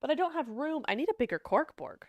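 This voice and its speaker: A young woman casually chatting with her livestream chat as an esports caster and analyst, bubbly and quick to laugh. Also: sits high, sing-song, dry recording.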